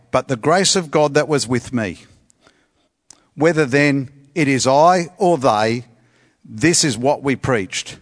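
A man reading a Bible passage aloud in a measured, formal way. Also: mid-range voice. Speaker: scripture reader. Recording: long reverb in a church hall.

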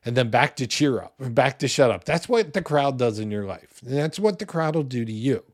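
A man in his forties preaching a sermon in a conversational, animated way, with loud bursts when he acts out what people say. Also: mid-range voice, normal speed, no echo, studio quality. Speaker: pastor.

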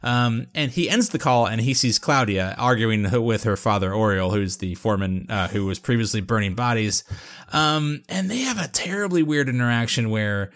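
A man with a middle-pitched voice hosts a casual podcast, recapping an episode in a loose, chatty way. He leans on "um" and "like" as he strings the story together and keeps the others in line. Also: normal speed, a bit bright. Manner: chatty, filler-heavy storytelling.

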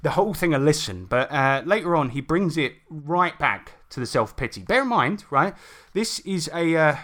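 A man with a voice sitting a little high talks through a clip on a commentary podcast. He sounds indignant and conversational. He keeps stumbling into restarts and side remarks. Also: animated, moderate pace, fairly bright tone. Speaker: commentary host. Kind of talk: casual commentary chat.

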